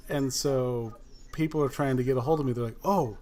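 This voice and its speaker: Animated male podcast host telling stories. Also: medium pitch, a little fast, slight background noise. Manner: animated storyteller, acts out both sides of a phone call. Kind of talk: casual chat.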